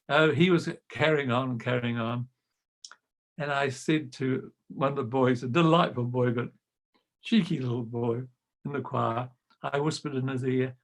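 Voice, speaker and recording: An older man, a retired choir director, telling lively anecdotes over a video call and acting out the voices he quotes. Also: medium pitch, normal speed. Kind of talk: storytelling talk.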